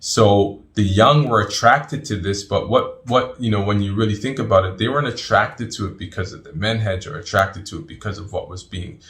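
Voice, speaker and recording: A middle-aged man, a guest in an interview, telling his story in an animated way and often repeating words. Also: on the low side, moderate pace, few pauses.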